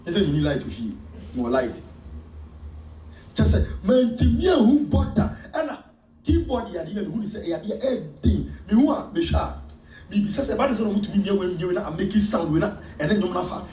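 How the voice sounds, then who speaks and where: A man with a Ghanaian accent preaching a sermon as pastor, with sudden loud emphasis. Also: sits high, expressive, racing, slight background noise. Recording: echoey church hall from far off.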